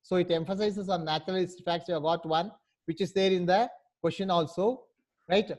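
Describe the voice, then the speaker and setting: A man's voice: sits high, steady tone, a little fast, darkish tone. A man teaching a class, explaining step by step and often checking with "right?". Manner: patient, repeats "right?" to check understanding. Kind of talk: online class instruction.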